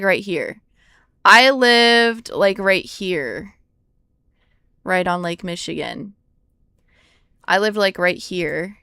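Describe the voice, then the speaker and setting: Young woman streamer, casual rambling chat; slow, smooth and clear, recorded dry and close. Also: medium pitch, a bit bright, dry recording. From United States. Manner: rambling and easily surprised, swears when startled. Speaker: livestreamer.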